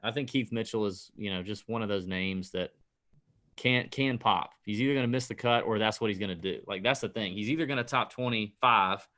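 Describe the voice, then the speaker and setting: Animated ranting man on a podcast. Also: fairly low pitch, a little fast. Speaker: podcast co-host. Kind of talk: casual betting podcast chat.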